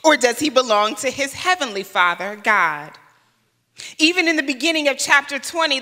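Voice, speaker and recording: A woman's voice: high-pitched, bright, forceful tone, in a large hall. A woman guest pastor preaching a sermon, conversational, with rhetorical questions and light humor. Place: church sanctuary.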